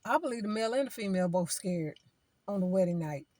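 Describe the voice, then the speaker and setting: A woman's voice: mid-range voice, animated, quick pace, darkish tone, no room sound. A woman giving spiritual advice in an informal, preaching way, talking in a chatty style that repeats phrases and acts out what other people say.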